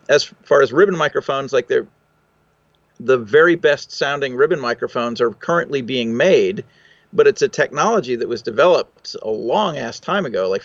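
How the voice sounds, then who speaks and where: A man's voice: mid-range voice, creaky, no echo, highs cut off. A man, a recording engineer, answering interview questions in a thoughtful, technical way with fillers and restarts.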